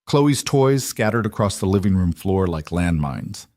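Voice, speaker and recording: Low calm guy reading a story, dry close sound. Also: measured pace, no room sound. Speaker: narrator. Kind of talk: scripted story narration.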